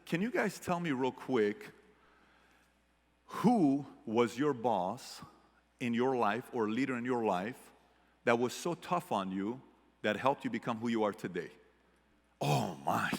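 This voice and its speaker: A man from the Middle East giving a motivational keynote speech to a live audience, telling stories animatedly and swinging from hushed to loud. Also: medium pitch. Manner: animated storyteller, shifts from hushed to shouting. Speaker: keynote speaker. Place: large hall with audience. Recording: long hall reverb.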